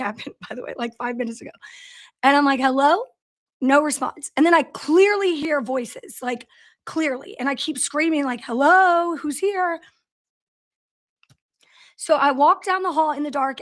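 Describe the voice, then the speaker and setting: A woman's voice: high-pitched, a bit bright. A woman hosting a casual company livestream from her office, greeting viewers by name and telling stories in a chatty way. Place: office in a large factory building.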